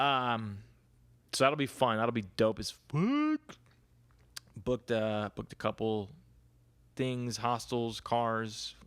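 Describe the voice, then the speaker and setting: A young man rambles through a solo podcast in loose, casual talk. He swears freely and drifts from topic to topic. His voice sits in an ordinary middle pitch. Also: a bit bright. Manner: crude, rambling, swears a lot. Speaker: podcast host.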